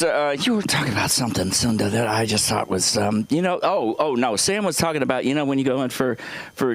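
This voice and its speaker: A man doing a rambling, profane stand-up set on a comedy club stage, jumping into loud high bits. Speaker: stand-up comic.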